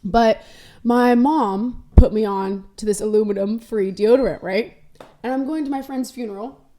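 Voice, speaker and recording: Mellow-voiced young woman rambling on a podcast. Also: fairly high pitch, normal speed. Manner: rambling and candid, jumping between topics with self-deprecating jokes. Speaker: podcast host. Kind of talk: casual solo podcast monologue.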